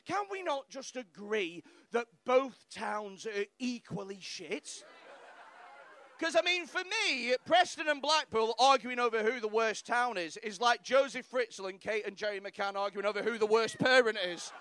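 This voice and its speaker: A man's voice: very high voice, lively intonation, measured pace, pushed and bright. A man doing stand-up crowd work on a club stage, brash and crude, mocking hecklers with lots of swearing. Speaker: stand-up comedian.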